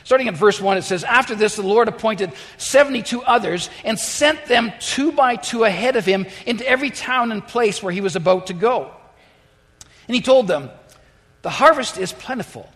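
Man, high voice, pastor's sermon, long church reverb. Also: fairly bright tone. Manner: storytelling with many restarts and fillers. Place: church sanctuary.

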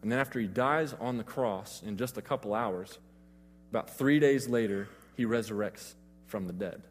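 A man's voice: on the low side, normal speed, long reverb tail, slight background noise. A man preaching a sermon, retelling scripture in a casual, conversational way.

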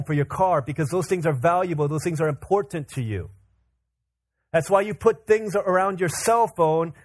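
A man preaching a sermon, telling a family story in an animated way, acting out quotes and laughing often. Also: fairly high pitch. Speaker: pastor. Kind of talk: sermon with personal stories.

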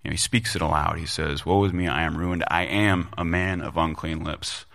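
A man's voice: deep voice, steady tone, normal speed, creaky, a bit bright. A male pastor preaching a sermon to his congregation in a conversational way, often repeating words for emphasis.

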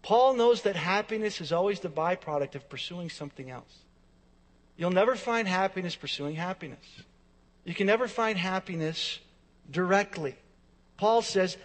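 A man's voice: high voice, lively intonation, normal speed. A man preaching a sermon to his congregation, emphatic and repetitive, with his volume rising and falling. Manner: emphatic preaching with repeated phrases and swings in volume. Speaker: pastor. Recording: long reverb of a large hall.

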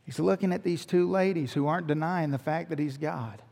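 High-voiced pastor teaching a sermon, lots of restarts, echoey church hall. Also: male voice, a little fast, vocal fry, a little mellow. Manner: conversational teaching, rhetorical questions, frequent restarts. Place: church sanctuary.

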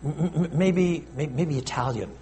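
A male pastor preaching a sermon in an animated, conversational way, with frequent asides to the congregation. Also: on the high side, a little slow.

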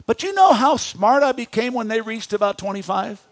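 A man in his fifties preaching a sermon in a church, animated, asking the congregation questions. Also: extremely high pitch, normal speed, no room sound, studio quality. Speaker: pastor.

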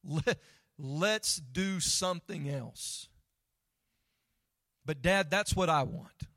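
Man voicing a quiet, overwhelmed man in prayer. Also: on the high side, drawn-out words, no room sound, clean studio sound, full character voice. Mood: pleading. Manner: quiet, earnest paraphrase. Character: overwhelmed man praying, pleading and torn.

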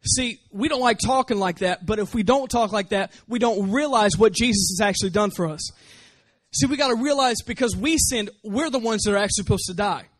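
A man's voice: sits high, a little fast, dry recording. A man preaching a sermon as pastor, pressing his points with repeated rhetorical questions.

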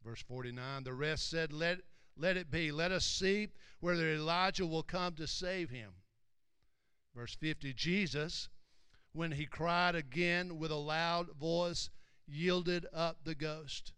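A male preacher with a bright, crisp, clean voice, recorded dry and close. He reads scripture aloud slowly and then explains it, rising from hushed reading to loud, emphatic preaching. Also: fairly high pitch, no echo. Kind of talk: sermon.

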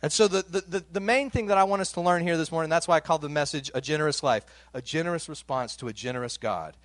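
A man's voice: on the high side, quick pace, fairly bright tone, no echo. Conversational male pastor preaching. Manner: conversational preaching, reads scripture with voiced quotes, chuckles. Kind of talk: sermon.

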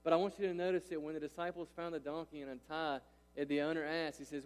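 A man's voice: a little high, little pitch movement, quick pace. A man in his thirties preaching a sermon as a pastor, emphatic and often checking in with listeners. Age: 30s. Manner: emphatic, repeats "right?" and "listen" to engage listeners. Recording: long hall reverb.

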